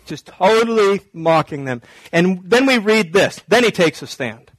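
A male pastor giving a sermon, telling the story in an animated, joking way. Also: sits high, unhurried, no room sound, poor audio.

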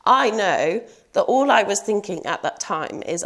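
A woman's voice: mid-range voice, expressive, a little slow, fairly bright tone. A young woman preaching a sermon in an earnest, personal way, asking rhetorical questions.

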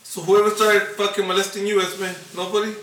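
A man's voice: high-pitched, little pitch movement, a little fast, a bit bright, far from the mic. A man in joking casual chat, teasing crudely and tossing in Spanish slang. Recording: echoey room, off-mic, faint noise.

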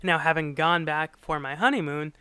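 Speaking at a normal speed, a man with a somewhat high, clean voice co-hosts a casual podcast free of room sound. He recaps a sitcom in animated fashion, acting out quotes and frequently laughing.

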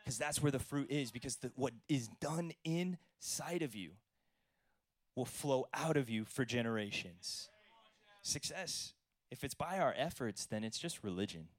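A man preaching a sermon, telling stories with animated energy and swinging between soft, quiet lines and loud bursts. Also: medium pitch, unhurried, dry recording. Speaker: pastor.

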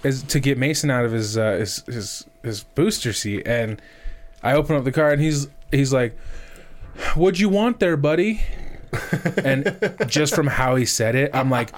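A man's voice: medium pitch, moderate pace. Swearing man telling a rambling story. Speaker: podcast co-host. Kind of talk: casual chat.

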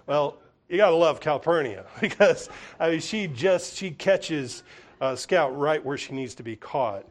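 A male pastor delivering a sermon, retelling a story with animation and occasional small restarts. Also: sits high.

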